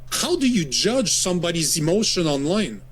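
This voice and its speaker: Male pundit, fairly high voice, argumentative, heavy on rhetorical questions. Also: big pitch swings, moderate pace. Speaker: political commentator. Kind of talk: critical commentary.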